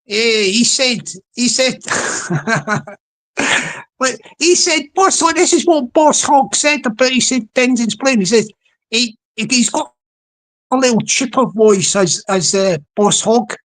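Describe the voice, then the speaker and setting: A woman's voice: a little high, animated, slow, fairly bright tone. A woman chatting casually on a livestream, rambling and repeating herself as she talks to viewers. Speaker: live streamer.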